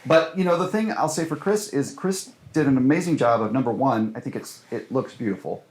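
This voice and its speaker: A man's voice: medium pitch, animated, fairly quick, a little mellow. A man who is a film director, chatting casually in an interview in a rambling, hesitant way with many fillers and restarts. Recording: roomy echo.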